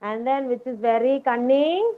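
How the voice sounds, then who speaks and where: A woman teaching a kindergarten class online, slowly and patiently repeating each word for the children to echo. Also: sits high. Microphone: video call. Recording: tinny video call audio.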